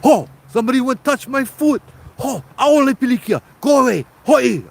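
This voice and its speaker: A man imitating an excitable older male tour guide, shrill and theatrical. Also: moderate pace, creaky, background noise, heavily acted. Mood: shouting.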